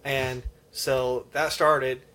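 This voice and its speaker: A man's voice: medium pitch, flat delivery, extremely slow, sharp tone, clean tone. A man on a casual podcast, rambling earnestly through a personal story. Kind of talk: casual chat.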